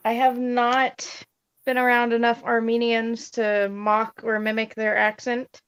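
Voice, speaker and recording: A woman from the Deep South with a Southern American accent, bantering dryly in a casual chat. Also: monotone, unhurried, fairly bright tone, clear, resonant tone. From Deep South, United States. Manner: dry, joking banter.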